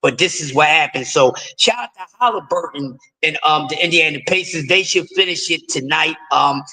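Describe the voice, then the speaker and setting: A middle-aged man talks sports on a casual live stream in a raspy, bright-edged voice. He sits high in his range and rambles in a loose, jokey way, doubling back on his words. He comes from the US East Coast. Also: moderate pace, low-quality recording. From East Coast of the United States.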